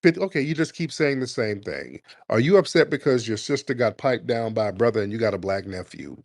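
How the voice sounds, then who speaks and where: A man hosting a confrontational call-in show, his pitch swinging widely as he taunts and mocks. He draws out his questions slowly and repeats them. The sound is dry and close. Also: expressive, a little mellow, no room sound. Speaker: host of a call-in talk show. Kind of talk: confrontational call-in radio talk.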